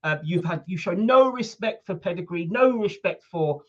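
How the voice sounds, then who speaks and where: A woman co-hosting a casual football discussion livestream. She tells her points with emphatic, animated delivery and talks over interruptions. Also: lowish voice, normal speed. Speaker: co-host of a football discussion show. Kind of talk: casual sports chat on a livestream. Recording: dull lo-fi sound over a weak internet link.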